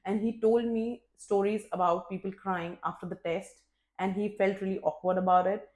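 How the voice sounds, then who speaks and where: A woman vlogger telling a personal story in a candid, expressive, casual way, swearing freely and poking fun at herself. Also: medium pitch, moderate pace. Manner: candid and expressive, with frequent swearing and self-mocking humor. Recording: roomy echo.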